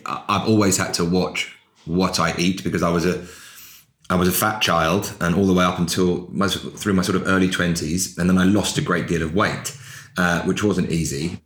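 An English man in his thirties, an actor speaking as an interview guest, telling stories in a lively, self-deprecating way with some swearing. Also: low-pitched, normal speed. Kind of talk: casual conversation. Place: home, indoors. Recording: echoey room.

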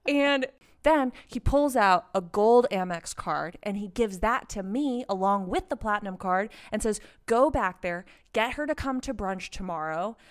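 A young woman telling a story in casual chat, animated and swearing, with lots of "like". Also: mid-range voice, smooth. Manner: animated, swearing, heavy use of "like". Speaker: podcast co-host.

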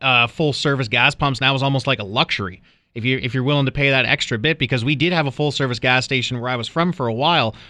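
A man trading casual talk on a radio show, walking through everyday examples in a conversational way. His voice is bright and forward, and the studio sound is dry and close. He keeps a relaxed back-and-forth tone. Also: mid-range voice, fast, no echo.

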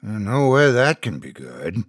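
A man's voice: on the low side, sing-song, takes it slowly, no echo, heavily acted. A man voicing a wry young man who answers with dry sarcasm in a dry, close recording.

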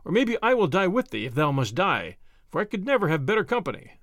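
Guy doing a bold hearty outlaw, cocky, lively voice. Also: high voice, fast, no echo, studio quality, exaggerated voice. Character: bold cheerful outlaw, big brave man.

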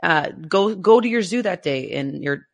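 A woman co-hosting a casual podcast, talking in an emotional, halting way as she gets teary. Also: lowish voice, expressive. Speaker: podcast co-host.

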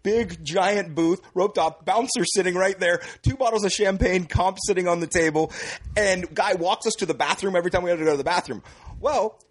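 A man's voice: sits high, brisk. A man guesting on a podcast, telling a long rambling story in casual chat. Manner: rambling storyteller, many fillers.

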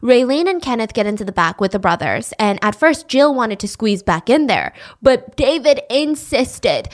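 A woman hosting a podcast, telling a true-crime story in a casual, animated way and acting out the people in it. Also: on the high side, moderate pace, hardly any pauses. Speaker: podcast host.

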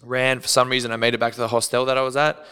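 A man's voice: mid-range voice, rapid-fire, smooth, in a large hall. An Australian man, a podcast guest, telling stories in a loose, profane way, laughing often and acting out what people said. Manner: animated, profane, laughs often, acts out quotes. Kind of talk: casual storytelling.

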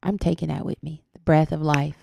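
Low-voiced woman in candid chat. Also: little pitch movement, brisk, creaky, mellow. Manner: candid, swears freely, quotes herself often. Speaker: podcast co-host. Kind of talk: casual chat.

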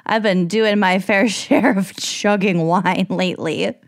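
A woman's voice: medium pitch, steady tone, unhurried. A woman co-hosting a podcast, chatting casually with playful, sympathetic teasing. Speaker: podcast co-host. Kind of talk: casual chat.

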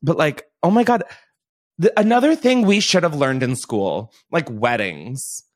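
A man's voice: fairly high pitch, expressive, a little slow. A young man hosting a podcast, chatting casually in a rambling way and laughing often. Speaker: podcast host. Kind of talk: casual chat.

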